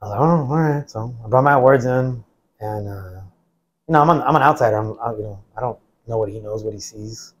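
Speaking fast with a fairly low pitch, a forties-aged American veteran shares his story as a guest. It's easygoing and rambling, full of "like" fillers, with quotes from others acted out.

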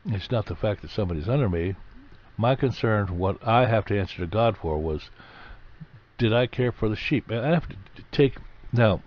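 A man teaching from the Bible in a conversational sermon, plain-spoken and repeating key phrases for emphasis. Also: fairly low pitch. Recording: dull lo-fi recording.

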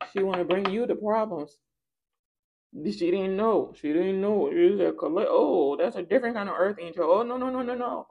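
A woman's voice: medium pitch, lo-fi sound. A woman doing a casual tarot reading for her viewers, talking in a playful, sassy and theatrical way, with singsong rhymes and acted-out bits. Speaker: tarot reader.

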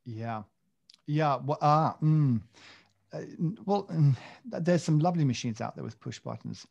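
A man's voice: a little high, a little slow, vocal fry, a little mellow, dull audio. A man co-hosting a podcast in casual chat, rambling and self-mocking, with many fillers and restarts. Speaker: podcast co-host.

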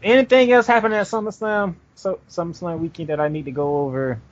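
Animated man on a dull remote line. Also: sits high, quick pace, no echo. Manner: lively, animated, plugs his shows. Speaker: podcast host. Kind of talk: casual podcast chat.

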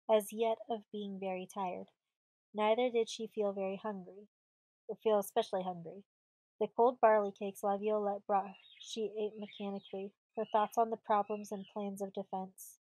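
A woman reading a storybook audiobook aloud in a measured, steady way, close to the mic. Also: mid-range voice, no room sound, poor audio. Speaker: audiobook reader.

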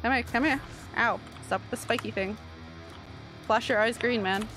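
A woman from Canada streaming a shooter game live, chatting casually, swearing and reacting loudly to the action. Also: on the high side, normal speed, faint music behind.

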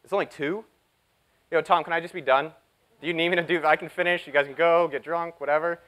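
A man giving a live conference talk, energetic and jokey as he hypes up the audience. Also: on the high side, fast talker, poor audio. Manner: energetic, jokey, hyping up the crowd. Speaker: keynote speaker.

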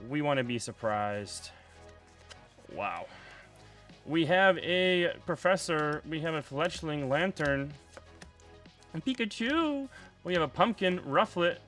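Young guy ripping card packs, kinda high bright voice, gets loud and hypes up. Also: takes it slowly, faint music behind. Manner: excitable, bursts into shouting and laughter over pulls. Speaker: card unboxing host. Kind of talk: casual unboxing chatter.

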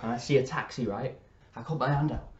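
A man telling a wild comic story to the camera, swinging from hushed whispers to panicked shouting. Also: medium pitch, fast, muffled recording. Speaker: comedy storyteller.

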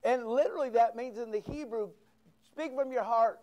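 A man's voice: very high-pitched, normal speed, darkish tone. A middle-aged man pastor preaching a sermon, quoting scripture with big swings of emphasis.

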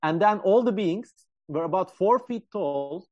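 Animated podcast man, dull dry sound. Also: sits high, a little slow, no room sound. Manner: animated storyteller, jokey asides, many fillers. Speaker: podcast co-host. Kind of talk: casual chat.

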